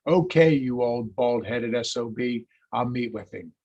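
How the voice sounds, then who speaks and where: A man voicing a blunt, jokey old-time male US president with a Missouri drawl, in a lower voice than his own. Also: a little slow, a little mellow, husky, highs cut off. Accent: Missouri drawl, as put on. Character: folksy plainspoken male US president, gruff.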